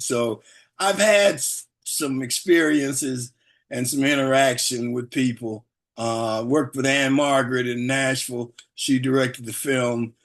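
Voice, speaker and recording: Older man telling stories, gravelly. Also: medium pitch. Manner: chuckles often while telling stories; relaxed, rambling delivery with fillers. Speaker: guest speaker. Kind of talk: storytelling anecdotes to a group.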